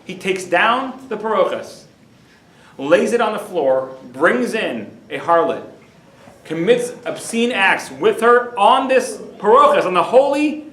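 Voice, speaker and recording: Rabbi telling a story in a roomy hall. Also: male voice, sits high, unhurried. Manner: animated, dramatic storytelling. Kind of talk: storytelling lecture.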